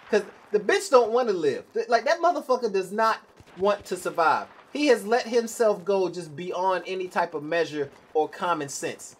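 A man's voice: high-pitched, breathy edge. A young man ranting bluntly and profanely while commenting on his own gameplay. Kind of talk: live gameplay commentary rant.

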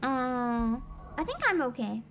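A woman streaming a video game, chatting casually, excitable and giggly, and swearing freely. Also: on the high side, takes it slowly, noisy background. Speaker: VTuber streamer. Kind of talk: casual gaming livestream chat.

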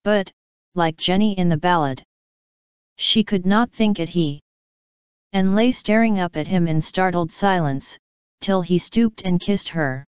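A woman narrating a classic novel as an audiobook, reading in a calm, measured way. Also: on the low side, smooth, no room sound, highs cut off. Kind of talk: scripted storybook narration.

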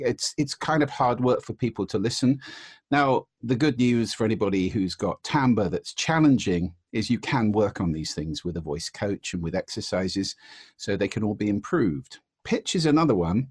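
A man's voice: on the low side, animated, normal speed, darkish tone, husky, no room sound, clean studio sound. A man answering interview questions about the voice, explaining and demonstrating voice techniques. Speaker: voice expert guest.

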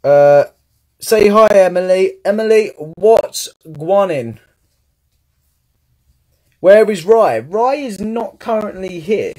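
A man's voice: high-pitched, animated, slow, long pauses, darkish tone. A young man with a British accent chatting casually on a live stream, playfully reading out fan gifts and comments.

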